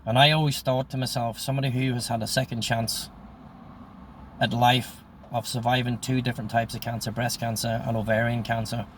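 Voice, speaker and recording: A man's voice: medium pitch, flat delivery, a little fast, a little hiss or hum. A man in his sixties telling a story from his own life in a casual, blunt way, swearing often and repeating "I says" as he quotes people. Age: 60s.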